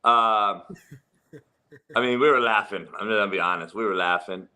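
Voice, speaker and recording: A man's voice: on the low side, normal speed, sharp tone, clear, resonant tone. A middle-aged man hosting a sports talk show, blunt and profane, laughing often as he talks about coaching. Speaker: football coach and podcast host.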